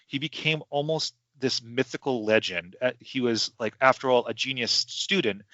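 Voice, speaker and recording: A man's voice: mid-range voice, normal speed, fairly bright tone, no room sound. A man hosting a podcast in casual chat, rambling and hesitant with many restarts. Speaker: podcast host. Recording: dull lo-fi sound.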